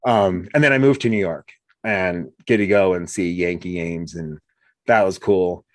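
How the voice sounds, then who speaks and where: A man's voice: low voice, a little slow, no echo, studio quality. A man talking casually as host, telling stories and acting out what people said. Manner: animated storyteller, acts out quotes. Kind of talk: casual conversation.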